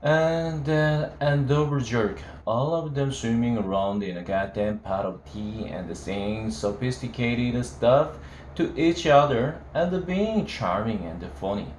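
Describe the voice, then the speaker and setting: Slow-reading man in an echoey room. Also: mid-range voice, darkish tone, slight background noise. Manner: slow, conversational first-person telling. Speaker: reader of a novel. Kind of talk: first-person story reading. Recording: roomy room echo, faint ambience.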